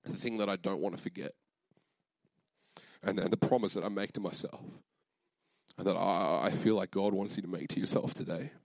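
A man's voice: deep voice, fairly even intonation, brisk, gravelly, pauses often, no echo. A young man preaching a sermon, telling a personal story in a casual, earnest way with many fillers and moments of emotion.

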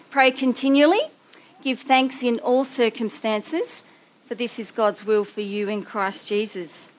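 A woman delivers a sermon from the front of a church gathering. Her voice sits high and she tells stories with lively expression, slipping into other voices, then settles into scripture reading. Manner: animated storytelling, acting out a child's voice. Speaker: preacher.

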